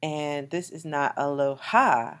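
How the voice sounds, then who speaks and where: A woman's voice: low-pitched, steady tone, slow. A woman teaching a beginner Biblical Hebrew lesson over slides, patiently repeating words with frequent fillers. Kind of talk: recorded slide lecture.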